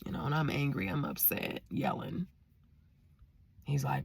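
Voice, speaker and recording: A woman vlogger casually telling a personal story to her viewers, acting out the dialogue with lively energy. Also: a bass voice, measured pace, gravelly, long pauses, breathy edge. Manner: animated, lively retelling with quoted dialogue; talks straight to viewers.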